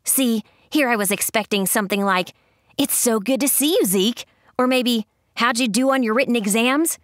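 A woman's voice: on the high side, moderate pace, no echo, studio quality, pitched above the performer's own voice, lightly acted. Zeke, a woman doing a cocky young guy. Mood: wry. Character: cocky young male student, easygoing smoker.

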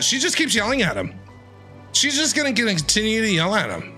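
A man giving excitable reaction commentary while reading a manga, firing off questions and exclamations. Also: sits high, normal speed, faint music behind. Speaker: streamer, content creator.

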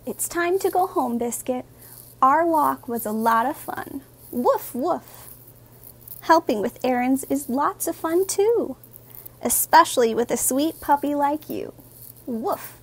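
A woman, a teacher, reading a children's picture book aloud in a gentle, expressive, sing-song way. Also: high-pitched, unhurried.

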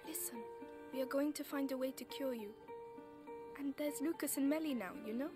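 A woman plays a determined teenage girl in a story game, earnest and protective, her high voice urgent and often dropping to a hush. Faint music runs beneath the game audio. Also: brisk, lightly acted. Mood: worried.

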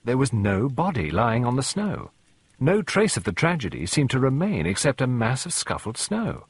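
A man reading a mystery audiobook in an expressive, dramatic narration. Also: mid-range voice, moderate pace, breathy edge, dry recording. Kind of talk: scripted narration.

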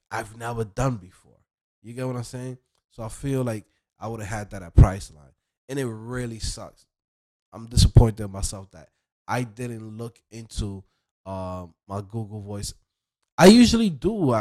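Hosting a laid-back vlog, a young web developer rambles conversationally to his viewers, peppering his talk with fillers. His voice sits on the low side with a somewhat dark tone.

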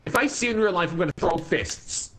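A man playing a basketball video game, reacting with exasperation and yelling at his rival and players. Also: sits high, animated, quick pace, background noise. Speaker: guest gamer.

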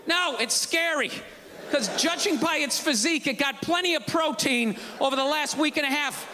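A male stand-up comedian ranting sarcastically on stage before a live audience, often shouting his punchlines. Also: very high-pitched, moderate pace, slight background noise. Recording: live show with crowd laughter. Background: audience laughter and ambience.

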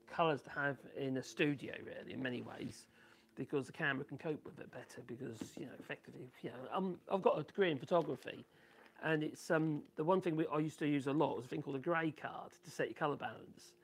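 A man with a Norfolk accent and a raspy, coarse voice, rambling casually on a live stream and reading out viewer comments. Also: on the high side, a little hiss or hum. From Norfolk, England. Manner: rambling and chatty, many ums and restarts. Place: home workshop.

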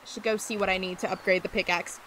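A woman's voice: medium pitch, steady tone, fast, fairly bright tone, slight background noise. A young adult woman streaming a farming game, chatting casually to viewers and humming little sounds to herself as she plays.

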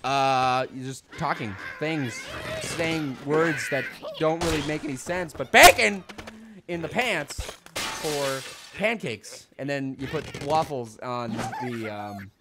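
A young man casually commenting on a mobile game, rambling nonsense and suddenly bursting into loud shouts. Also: mid-range voice, slow, very noisy. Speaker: gaming video host. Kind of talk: goofy let's-play commentary.

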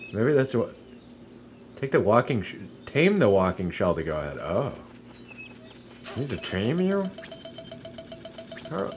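A man's voice: on the low side, slight background noise. A young man giving casual, profane gameplay commentary, laughing often and musing aloud as he plays. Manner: swears freely, laughs often, muses aloud. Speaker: let's play streamer.

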